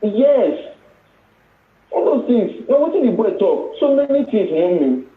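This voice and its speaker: A distressed man with a Nigerian accent pours out his trouble in a pleading, high voice. He comes through a tinny phone line, heard in an echoey room. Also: very animated, a little slow. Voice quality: upset, pleading. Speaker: caller. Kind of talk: phone-in counselling talk.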